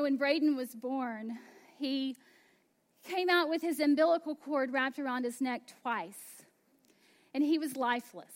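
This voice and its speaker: A woman pastor in her thirties preaching a sermon, slow and emphatic, dropping to hushed asides. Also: sits high.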